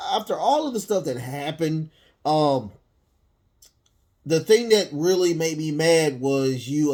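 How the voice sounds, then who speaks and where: A man's voice: medium pitch, dark tone. Guy doing a loose one-take wrestling recap, lots of uhs and restarts, laughs at himself. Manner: rambling, many fillers and restarts, chuckles at himself. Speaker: wrestling show reviewer.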